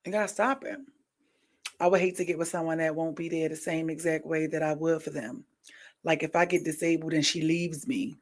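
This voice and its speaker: A woman podcast host in casual commentary, animated and preachy, rambling with slang. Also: deep voice, brisk.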